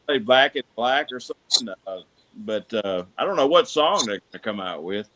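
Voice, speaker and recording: A man's voice: mid-range voice, lively intonation, normal speed, a bit bright, no echo. A man co-hosting a casual sports talk show, rambling and hesitant with lots of filler words. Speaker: co-host.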